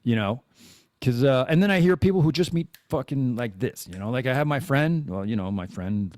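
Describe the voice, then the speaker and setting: Man, 40s, podcast host, rambling confessional chat, salty language, animated pitch, dry close sound. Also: a little fast, no room sound. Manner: rambling, frequent profanity and restarts; candid and self-deprecating. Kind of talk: casual confessional monologue.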